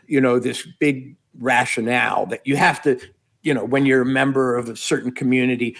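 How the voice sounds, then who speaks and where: A man's voice: medium pitch, gravelly. A middle-aged man giving political commentary as a guest, wry and meandering, piling up repeated phrases.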